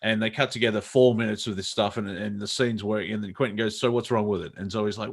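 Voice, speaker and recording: Aussie guy, lowish voice, rambly comedy chat, lots of ums. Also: fairly even intonation, fast, creaky, hardly any pauses, breathy edge. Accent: Australian. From Australia. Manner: rambling, many fillers and restarts, laughs often. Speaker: comedy show co-host.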